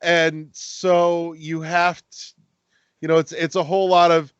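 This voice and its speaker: A man's voice: fairly high pitch, unhurried, smooth, no room sound, highs cut off. Rambling, profane man on a podcast. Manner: rambling, profane, animated when excited. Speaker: podcast co-host. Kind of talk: casual podcast chat.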